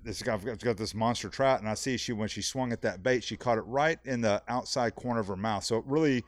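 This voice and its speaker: A man, a fishing guide, telling a long story on a podcast in a rambling, animated way, full of fillers and repeats. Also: lowish voice, fast talker, dry recording. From South Texas. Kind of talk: casual storytelling.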